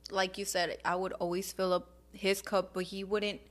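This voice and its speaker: A woman's voice: mid-range voice, level tone, normal speed, fairly bright tone. A young woman chatting as a podcast guest, telling a family story, voicing her parents in Spanish and dropping to a whisper at times. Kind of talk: casual chat.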